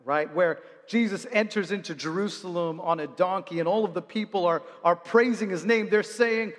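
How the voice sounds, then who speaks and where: A man preaching a sermon to his congregation in a church, moving between loud, shouted praise and hushed, slow storytelling. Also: high voice, long reverb tail. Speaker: pastor. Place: church sanctuary.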